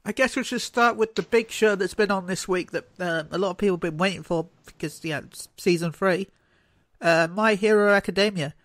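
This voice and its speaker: A man's voice: high-pitched, brisk, fairly bright tone, no echo. A man hosting a casual podcast chat, rambling and joking loosely. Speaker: podcast host.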